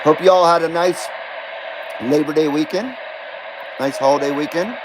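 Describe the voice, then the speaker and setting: A man's voice: on the high side, moderate pace, noisy background. A man hosting a casual livestream radio show from home, greeting callers in a chummy, laid-back way and swearing freely. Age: adult.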